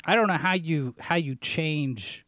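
A man hosting a talk show, giving sarcastic commentary as he reads out headlines, often clearing his throat and restarting his sentences. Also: on the high side, a little slow, a bit bright, dry recording. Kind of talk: opinionated commentary, reading headlines.

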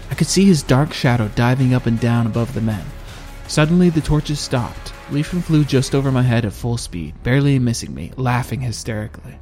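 A man narrating a first-person audiobook in a steady, measured reading. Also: mid-range voice, soft background music.

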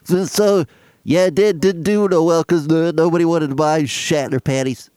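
A man's voice: fairly high pitch, fairly even intonation, darkish tone, clean tone, no echo, close to an everyday voice. A man voicing a dim-witted grown man who stammers and repeats his words. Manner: halting, repeats words, formal "Mister" address.

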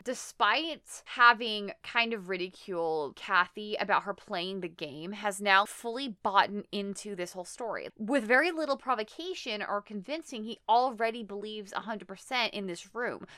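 A young adult woman in casual chat, recapping a plot with lively acted-out quotes and laughter. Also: medium pitch, dry recording, studio quality. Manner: animated storytelling with quick acted-out quotes and laughs. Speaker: podcast co-host recapping a film.

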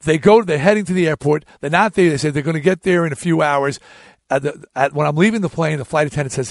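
Chatty man telling a story, slightly high voice. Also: quick pace, creaky, no room sound, studio quality. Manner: animated, chatty retelling with frequent restarts. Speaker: show host. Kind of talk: casual storytelling monologue.

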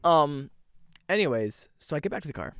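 A man's voice: fairly high pitch, very animated, a little fast, fairly bright tone, clear, resonant tone, dry recording, studio quality. A young man with a Southern American twang, telling a rambling story on a casual podcast. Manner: rambling storyteller, many ums and restarts. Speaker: podcast co-host. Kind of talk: casual chat.

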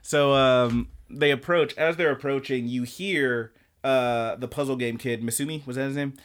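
A man's voice: mid-range voice, fairly even intonation, normal speed, a bit bright, smooth. A man co-hosting a podcast, casually recapping an anime in a loose, rambling way with crude asides. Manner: rambling, loose retelling full of "blah, blah, blah" and crude jokes. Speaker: podcast co-host.

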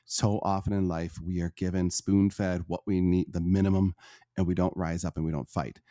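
A middle-aged man speaks with a low, mellow voice, earnest and reflective as he answers questions. The sound is dry and close, with no room around him. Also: flat delivery, moderate pace, dry recording. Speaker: guest, Catholic life coach for men.

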